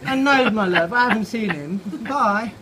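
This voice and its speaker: Brief: man playing a dismissive, high-voiced robin, mock-posh, noisy outdoor setting. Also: lively intonation, moderate pace. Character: snooty male robin. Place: outside a pub. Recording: loud outdoor background noise.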